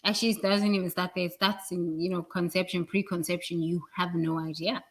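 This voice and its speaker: Woman, spiritual speaker, slightly low pitch, blunt and emphatic delivery with loud bursts. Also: level tone, a little fast. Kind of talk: spiritual talk to camera.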